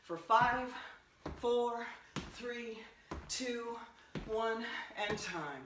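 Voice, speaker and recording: A woman's voice: a little high, very slow. Upbeat woman coaching a home workout. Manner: upbeat coaching, counts down reps. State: out of breath at times. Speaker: fitness instructor. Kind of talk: workout instruction. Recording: roomy, distant, noisy home recording.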